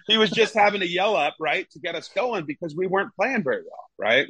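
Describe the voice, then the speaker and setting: This man's voice is high, husky and brisk, with hardly any pauses, captured in a low-quality recording with no echo. He's a former goalkeeper spinning casual interview stories, animatedly imitating his coaches by raising his voice.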